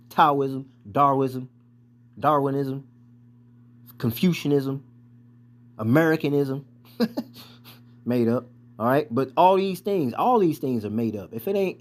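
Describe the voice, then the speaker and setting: A man casually preaching and reading scripture aloud, with profane, street-style, animated talk. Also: medium pitch. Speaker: scripture teacher.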